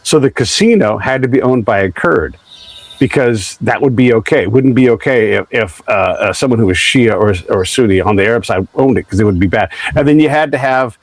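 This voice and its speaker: A man's voice: medium pitch, fairly quick, no room sound, poor audio. Rambling American man, dry sound. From United States. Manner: rambling storyteller, many restarts, acts out quotes. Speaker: podcast host. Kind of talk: conversational interview.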